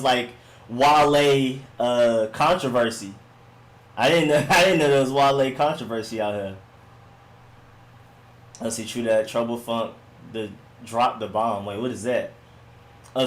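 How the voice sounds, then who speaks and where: Laid-back man chatting on a live stream. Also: mid-range voice. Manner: laid-back, rambling, slangy, often says "you know what I'm saying". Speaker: sports live-stream host. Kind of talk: casual live-stream chat, reading and answering viewer comments.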